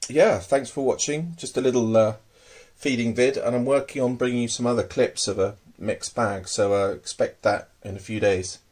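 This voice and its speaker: Moderately paced with few pauses, a man's mid-range, darkish, breathy voice accompanies a casual home video of his pet tarantulas. He's hesitant, peppering his talk with ums, and softly murmurs to the animals with fondness.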